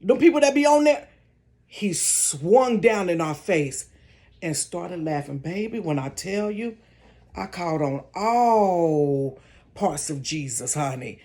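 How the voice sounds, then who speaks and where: Older lady doing a storytime from her bedroom, slow and dramatic, pitch jumping all over. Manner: dramatic, expressive, talks straight to viewers. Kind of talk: casual storytime chat.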